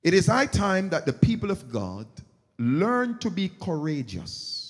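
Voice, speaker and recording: Here the preacher's voice sits on the high side, measured and edged with breath. He brings his sermon's stories to life by playing their characters, all echoing with long reverb through the church sanctuary.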